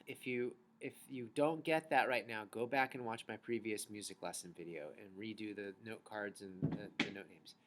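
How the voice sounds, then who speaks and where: A man's voice: medium pitch, unhurried, fairly bright tone. Patient man teaching a kids' music lesson. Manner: patient, encouraging, chanting rhythm syllables. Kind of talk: recorded online music lesson for children.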